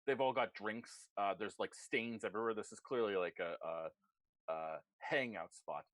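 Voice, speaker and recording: A man narrating as game master in an online tabletop game, animated and quick to put on voices. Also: fairly low pitch, no room sound.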